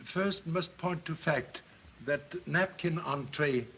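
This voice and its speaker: Charlie Chan, calm and clipped. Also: male voice, on the high side, slow pace, slight background noise. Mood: measured. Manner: clipped, proverb-like broken English. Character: calm, wise middle-aged male detective. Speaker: detective. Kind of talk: 1930s film acting. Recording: dull old film soundtrack.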